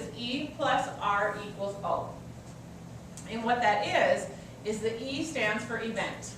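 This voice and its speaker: A woman's voice: fairly high pitch, background noise. A woman coach giving a workshop presentation to an audience, teaching in a conversational way with personal stories. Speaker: customer service coach. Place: meeting room with an audience. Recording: echoey room from far off, faint ambience.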